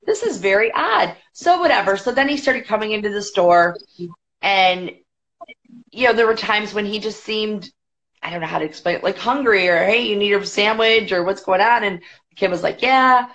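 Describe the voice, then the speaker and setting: A woman guest on a podcast, telling a story in a chatty, quick way with many fillers. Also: medium pitch, expressive, fairly bright tone. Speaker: podcast guest, boxing federation executive. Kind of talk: casual storytelling. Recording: dull lo-fi podcast audio.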